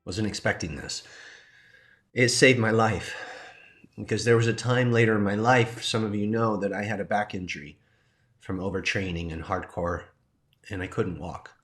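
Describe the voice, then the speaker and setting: A man's voice: on the low side, steady tone, fairly bright tone. Choked-up man sharing heartfelt story. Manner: halting, heartfelt, pausing to compose himself. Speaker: teacher and coach. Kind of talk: emotional personal sharing.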